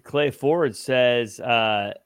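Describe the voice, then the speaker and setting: A man's voice: medium pitch, extremely slow, smooth, no echo. A man hosting a casual wrestling review podcast, recapping each match and then tossing questions to his co-hosts. His voice sits in the middle range and comes through dry and close, with no room sound around it. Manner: leads discussion, recaps matches, asks questions. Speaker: podcast host.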